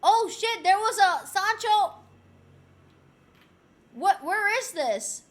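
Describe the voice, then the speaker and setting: A woman from Rico, chatting casually on a live stream. She is excitable and swears freely. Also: very high voice, takes it slowly. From Puerto Rico.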